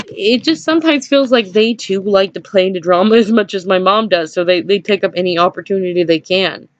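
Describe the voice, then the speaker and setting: A woman's voice: lowish voice, no room sound. Hesitant woman vlogger, dull lo-fi sound. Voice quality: hesitant, many fillers and small nervous laughs. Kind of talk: casual personal storytelling. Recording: dry dull lo-fi home recording.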